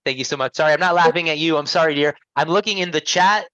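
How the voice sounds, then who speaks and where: A man's voice: fairly high pitch, fast talker, bright, forceful tone, no room sound, lo-fi sound. A man teaching an online English class, patient and encouraging, repeating and rephrasing answers for his students.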